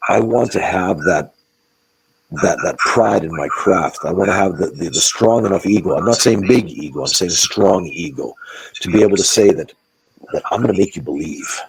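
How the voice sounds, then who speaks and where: A man's voice: low-pitched, moderate pace, gravelly, a little hiss or hum, poor audio. A man telling blunt, profane, emphatic stories as a guest in a wrestling interview, often restarting his words. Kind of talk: candid interview storytelling.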